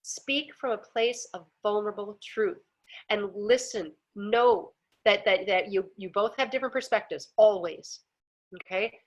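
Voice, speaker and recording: A woman talks casually to a group at her home, where a pool sits outside her patio, teaching a personal growth class. She is earnest, acts out quotes and laughs frequently. Her voice is medium in pitch and a little slow.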